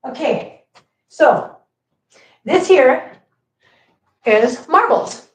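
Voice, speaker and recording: A middle-aged woman hosting a casual live stream, chatty and animated, greeting viewers by name as she chats. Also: sits high, slow pace, long pauses. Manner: chatty and animated, reads viewer comments aloud. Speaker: livestream host. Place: home, indoors. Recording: echoey room.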